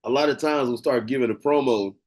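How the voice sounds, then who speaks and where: A man hosting a podcast in casual chat, excitable and rambling, often stumbling over his words. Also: mid-range voice, fairly quick. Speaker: podcast host.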